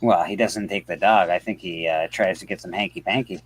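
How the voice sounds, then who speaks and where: A man co-hosting a casual podcast chat, reacting with quick jokes and exclamations. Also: low-pitched, steady tone, husky, no echo.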